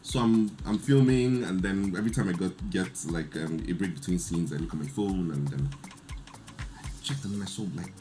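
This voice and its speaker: A man, telling a lively story in casual chat and acting out the quotes. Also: sits low, fairly quick, soft background music. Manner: animated storyteller, laughs often, acts out quotes. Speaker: podcast guest.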